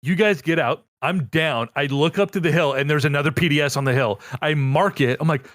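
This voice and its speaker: A somewhat high, slightly fast voice belongs to a casual gaming podcast co-host spinning an energetic story with some swearing. The studio-quality recording carries no room sound.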